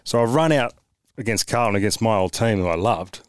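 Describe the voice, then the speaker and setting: An Australian man, a former footballer, telling blunt, animated stories as a podcast guest with mild swearing. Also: fairly low pitch, fairly quick, smooth, no echo, studio quality. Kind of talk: casual storytelling chat.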